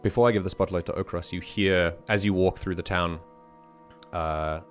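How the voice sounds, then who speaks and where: Male GM, deep, halting narration over faint music. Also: fairly even intonation. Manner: hesitant, lots of fillers. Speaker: game master. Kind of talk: narrating a tabletop game.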